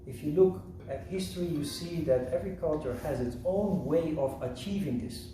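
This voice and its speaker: A man teaching a yoga lesson in a slow, measured, reflective way. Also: a little high, mellow, a little hiss or hum. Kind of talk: lecture. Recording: roomy echo from a distant mic.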